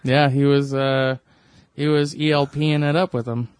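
A man with a plain mid-range voice shares trivia on a casual podcast, trading quick asides. The sound is close and dry. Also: medium pitch, flat delivery, clear, resonant tone, dry recording. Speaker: co-host.

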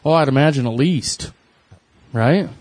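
A man's voice: mid-range voice, measured pace, darkish tone, no echo. A man chatting casually with a friend, telling rambling stories in a laid-back way. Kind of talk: casual chat.

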